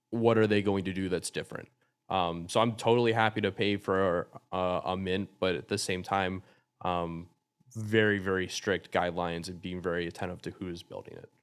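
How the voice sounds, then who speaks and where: Male panelist, clear smooth low voice, relaxed and reflective. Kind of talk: virtual panel discussion.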